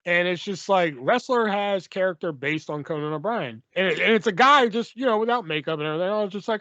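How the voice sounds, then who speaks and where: A man's voice: high-pitched, expressive, quick pace, fairly bright tone, dry recording, highs cut off. A man hosting a casual podcast, chatting loosely and swearing freely as he reads listener questions. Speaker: podcast host.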